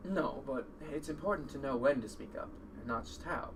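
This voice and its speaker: A man's voice: mid-range voice, lively intonation, brisk, natural voice. A man doing a world-weary crime uncle. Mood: measured. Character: calm, guarded middle-aged crime-family uncle. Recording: distant mic with noticeable noise.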